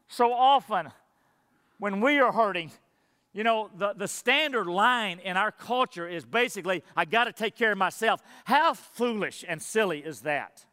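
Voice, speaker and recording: A high, bright-voiced man delivers an earnest sermon as pastor. He presses his listeners with questions, and his voice rings out through the long reverb of a church hall. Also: clear, resonant tone. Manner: earnest preaching, rhetorical questions.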